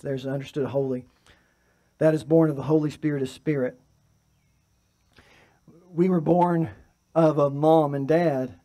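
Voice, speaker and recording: Male pastor, fairly high voice, preaching in church, moves between forceful emphasis and hushed delivery. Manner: preaching with swings from loud emphatic to soft and quiet. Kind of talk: sermon. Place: church sanctuary.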